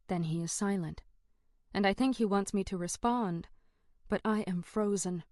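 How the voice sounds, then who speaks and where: A woman narrating a first-person fantasy audiobook in an expressive, dramatic way. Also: mid-range voice, measured pace, long pauses, no room sound, clean studio sound.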